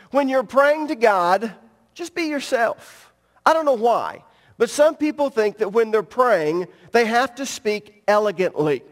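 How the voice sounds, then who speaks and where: Middle-aged male pastor, high voice, direct emphatic sermon delivery, long reverb from a church hall.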